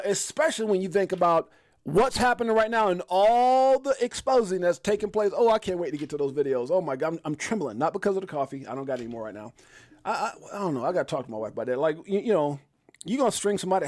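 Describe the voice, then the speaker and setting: A man hosting a casual live stream, excitable and joking, often exclaiming as he runs through prices. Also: high voice, quick pace. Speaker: crypto live stream host.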